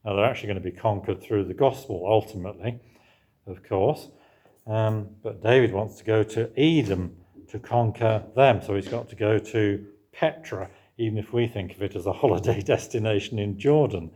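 A man's voice: fairly low pitch, moderate pace, mellow, slightly rough. A man preaching a sermon in a conversational way, asking the congregation questions and answering them himself.

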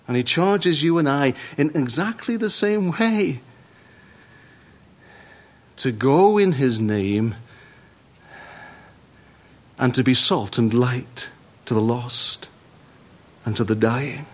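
A man preaching a sermon, stressing key words slowly with dramatic pauses. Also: fairly high pitch, animated.

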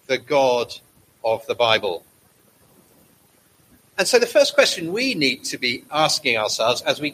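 A man preaching a sermon, measured and slowing down to stress key words. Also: fairly high pitch, pushed and bright, rough recording.

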